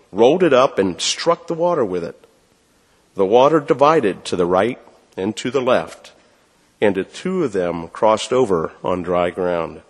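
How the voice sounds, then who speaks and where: A man reading a scripture passage aloud during a church service, clear and measured. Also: lowish voice, big-room sound. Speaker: scripture reader.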